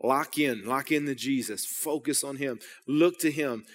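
A man's voice: mid-range voice, unhurried. A young adult man, preaching a sermon as a pastor, telling a personal story in a conversational way with frequent restarts. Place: church sanctuary. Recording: long hall reverb in church.

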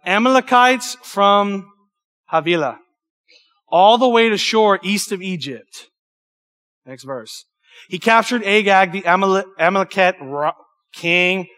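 A young man preaching a youth sermon in an animated, emphatic way, with stumbles and asides. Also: high-pitched, unhurried. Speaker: youth pastor.

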